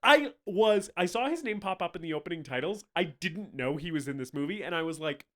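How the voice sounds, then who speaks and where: A man co-hosting a casual movie review podcast, animated and swearing, laughing often and acting out scenes. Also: on the high side, brisk. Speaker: podcast co-host.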